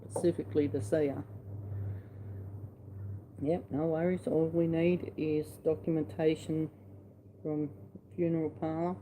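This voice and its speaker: A man's voice: a little high, mellow, a little hiss or hum, rough recording. A middle-aged man with an Australian accent tells a personal story in a casual, blunt, salty way, acting out past conversations. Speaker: vlogger.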